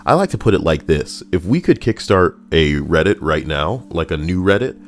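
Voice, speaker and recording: A man's voice: low voice, very animated, normal speed. A young man casually reading forum posts aloud and riffing on them, sarcastic and rambling with loose asides.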